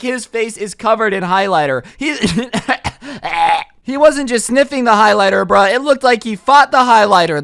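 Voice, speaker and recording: A man's voice: high voice, a bit bright, dry recording. A young man telling a comedic storytime with slangy asides to viewers, close to the mic. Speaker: storytime YouTuber.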